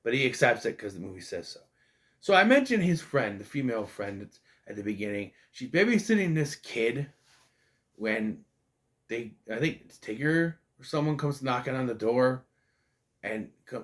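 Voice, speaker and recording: A man's voice: mid-range voice, sing-song, moderate pace, fairly bright tone. A man giving a casual spoken movie review, ranting in an exasperated way, swearing and rambling with restarts and stammers.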